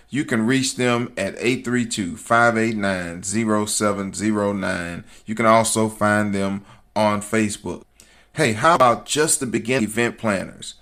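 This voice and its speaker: Man, podcast host. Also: on the low side. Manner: fired up and emphatic, preacher-like repetition; calm and conversational in sponsor reads. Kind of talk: opinionated podcast commentary.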